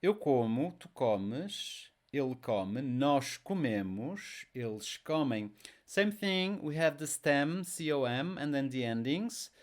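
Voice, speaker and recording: A man's voice: mid-range voice, animated. A man teaching an online language lesson, patient and repetitive, drilling each word aloud. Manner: slow, patient, repeats words for drill.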